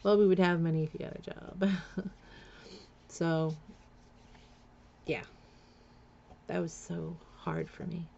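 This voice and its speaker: A woman recounts her own past in a candid, confessional way. Her voice sits low and carries a gravelly edge, and the recording sounds dull and lo-fi. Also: steady tone, slow, pauses often, mellow, a little hiss or hum. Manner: frank, confessional, blunt. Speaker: memoir storyteller. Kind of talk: candid personal storytelling.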